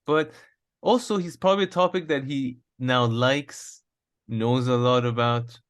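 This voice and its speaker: A man's voice: mid-range voice, fairly even intonation, a little slow, smooth. A man co-hosting a casual podcast, hesitant and laughing often. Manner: hesitant, laughing, lots of fillers. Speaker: podcast co-host.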